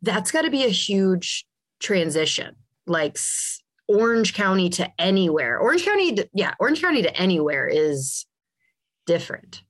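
A woman's voice: medium pitch, very animated, normal speed. A woman from Southern California hosting a podcast interview, playful and self-deprecating, laughing easily. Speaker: podcast host. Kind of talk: casual interview chat.

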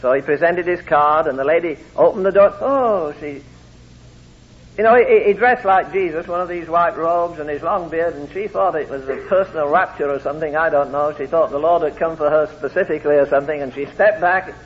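A man's voice: a little high, fairly quick. A man preaching a sermon, telling anecdotes and acting out the quoted voices in his stories. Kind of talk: sermon with storytelling. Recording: tinny phone-like lo-fi recording.

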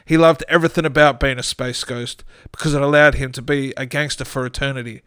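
A man's voice: mid-range voice, steady tone, quick pace, fairly bright tone, smooth, no room sound. A man with an australian accent reads a silly crime story aloud for a podcast, his voice sitting in the middle of the range and recorded close and dry with no room sound. he keeps cracking himself up as he goes. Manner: reads with frequent laughter breaking through. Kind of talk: reading a comic short story aloud.

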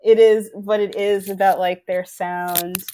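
A woman's voice: medium pitch, flat delivery, measured pace, dark tone. A woman in casual chat, speaking in loose, rambling phrases with constant fillers.

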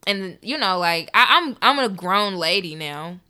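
A young woman co-hosting a podcast, telling stories in a profane, animated, casual way. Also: lowish voice, a little slow, clean tone. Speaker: podcast co-host. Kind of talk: casual chat.

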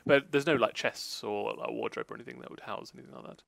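Gravelly game master. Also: male voice, mid-range voice, fast, a bit bright, dry recording. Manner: rambling, lots of fillers. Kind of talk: narrating a tabletop role-play game.

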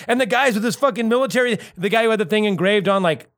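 A man in casual chat, telling stories in an animated way and swearing a lot. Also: sits high, fast talker, hardly any pauses.

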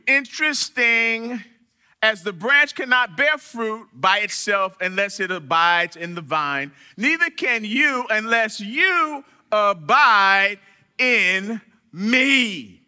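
A man preaching a sermon to his church, animated, with dramatic pauses and quoted voices. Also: sits high, smooth. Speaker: church member giving a sermon.

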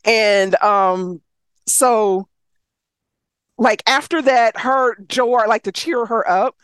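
Animated woman retelling a story, dry mic. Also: a little high, slow, smooth, no room sound. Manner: animated storyteller, acts out characters' lines, swears freely. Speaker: podcast co-host recapping a story. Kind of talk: casual chat, retelling a book with acted quotes.

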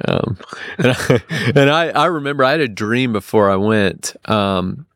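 A man telling a long personal story in casual podcast talk, full of restarts and fillers, getting animated when he quotes people. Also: mid-range voice, measured pace, dry recording, studio quality. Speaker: podcast guest.

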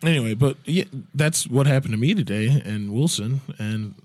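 A man hosting a casual podcast, swearing and joking freely with his co-hosts. His voice swings widely up and down, with a middle pitch and frequent laughter. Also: animated, moderate pace, a little mellow, dry recording. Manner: crude, joking, laughs often. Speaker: podcast host. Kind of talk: casual comedic podcast banter.

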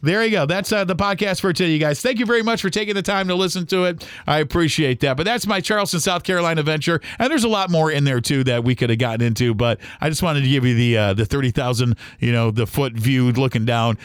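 A man's voice: a little high, fast talker, hardly any pauses, clean tone, no echo. A man with a slightly raised voice recounts a story on his podcast in a loose, chatty way, full of fillers. He acts out the other people in his story. The sound is dry and close. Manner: conversational, lots of fillers, acts out quoted dialogue. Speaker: podcast host. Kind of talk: casual storytelling monologue.

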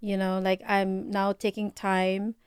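A woman's voice: medium pitch, monotone, a little slow, smooth, no room sound, clean studio sound. A woman in her forties, originally from the Philippines, chatting casually as a podcast guest and laughing often. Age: 40s. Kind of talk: casual chat.

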